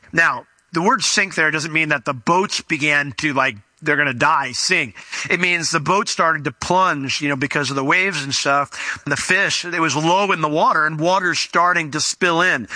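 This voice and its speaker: A man preaching a sermon, explaining a Bible passage and acting out the voices of the people in it with lively swings in pitch. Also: dry recording. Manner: animated, acts out voices of the people in the story. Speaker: pastor.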